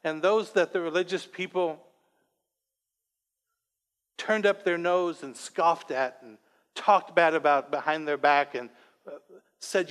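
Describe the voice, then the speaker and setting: A man's voice: fairly high pitch, slow pace, long pauses, a bit bright, clean tone. A man preaching a sermon as pastor, rambling and emotional, with self-deprecating humor, in a church sanctuary. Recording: long church-hall reverb.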